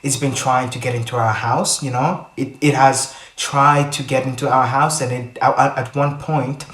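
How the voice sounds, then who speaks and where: A man's voice: mid-range voice, little pitch movement, normal speed, fairly bright tone. A young man telling a story casually to his channel, rambling with many restarts and fillers. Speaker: vlogger. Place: indoors at home. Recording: echoey room.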